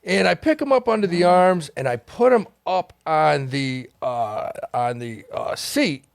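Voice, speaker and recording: Male podcast guest spinning a wild profane yarn, a bit high-pitched, dry studio sound. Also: measured pace, creaky, no room sound. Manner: animated, profane, laughs through his story. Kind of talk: casual storytelling. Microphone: studio mic.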